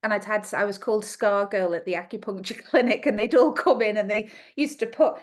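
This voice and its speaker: A woman's voice: medium pitch, brisk. Middle-aged Australian woman telling a story. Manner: animated personal storytelling. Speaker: guest naturopath. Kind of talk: podcast interview storytelling.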